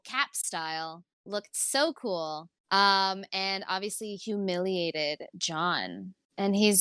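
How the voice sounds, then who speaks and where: In clean studio sound with no room echo, a woman speaks in a mid-range, fairly bright, clear and resonant voice. She's a podcast co-host doing a casual TV recap, enthusiastically discussing an episode, laughing a lot and wandering through fillers.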